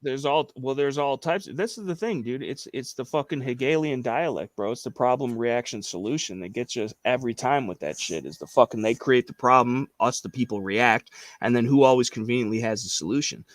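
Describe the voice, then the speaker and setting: A man's voice: mid-range voice, brisk, hardly any pauses, dry recording. A young man on a casual livestream chat, talking in a profane, rambling and emphatic way.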